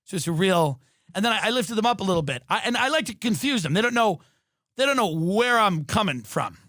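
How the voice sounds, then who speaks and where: In a fairly high, sing-song voice, a New York–born podcast host rants comedically from his home studio in Los Angeles, sardonic and over the top. His delivery lurches between quick bursts and stretched-out lines, punctuated by occasional shouts, and the sound is dry and close-miked without echo.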